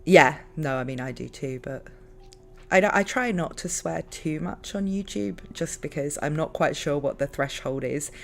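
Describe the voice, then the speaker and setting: A woman's voice: sits low, moderate pace, creaky, faint music behind. Chatty London woman who laughs a lot. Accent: London English. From London, England. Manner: chatty, laughs often, many fillers. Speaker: streamer host. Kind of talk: casual chat.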